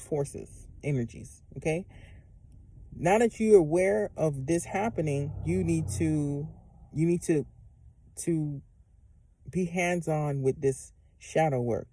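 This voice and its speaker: A woman's voice: deep voice, mellow, breathy edge. A woman giving a casual instructional monologue as a vlogger, rambling and profane, with many fillers and restarts. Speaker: spiritual vlogger.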